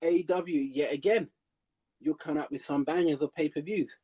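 Husky-voiced man chatting on a podcast. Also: a little high, normal speed. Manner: emphatic, animated opinions with acted-out quotes. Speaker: podcast co-host. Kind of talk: casual podcast chat.

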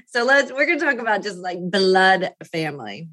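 A woman in her fifties speaks candidly and at length about something personal. She rambles, drops thoughts halfway and picks them up again, with frequent small laughs. Her voice sits at an ordinary middle pitch and sounds close and dry, with no room echo. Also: very animated, unhurried, fairly bright tone. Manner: rambling and heartfelt, laughs often, trails off and restarts.

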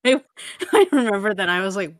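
Reflective podcast co-host, a woman with a very low voice and a halting delivery full of fillers. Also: fairly bright tone, no echo, clean studio sound. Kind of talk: casual chat.

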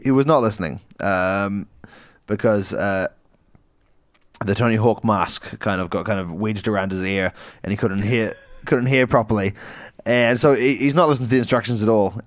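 A man's voice: fairly low pitch, moderate pace. A man co-hosting a comedy podcast, retelling a film plot in a rambling way with many fillers. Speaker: podcast co-host.

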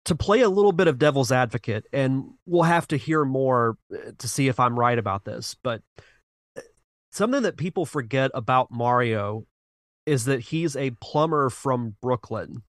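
A man of middle pitch hosts a retro gaming podcast in an earnest, rambling chat. He sighs and restarts a lot, and the sound is dry and close. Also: lively intonation, moderate pace, dry recording. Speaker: podcast host. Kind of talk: casual chat.

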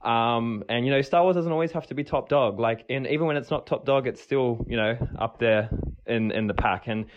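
A man's voice: medium pitch, fairly quick, slight background noise. Rambling man on a lo-fi voice message. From New Zealand. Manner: rambling, lots of fillers and restarts. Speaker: listener sending a voice message. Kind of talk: casual recorded voice message.

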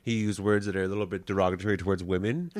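A man's voice: deep voice, steady tone, rapid-fire. A young man from Canada in casual chat, giving blunt, profane opinions.

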